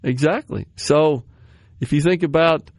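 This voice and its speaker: A Southern American man in his sixties chats on a radio talk show, drifting from one memory to the next with frequent chuckles. His voice sits somewhat high, and the studio sound is dry and close. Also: unhurried, dry recording. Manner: rambling, reminiscing, laughs often. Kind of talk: casual studio chat. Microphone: studio microphone.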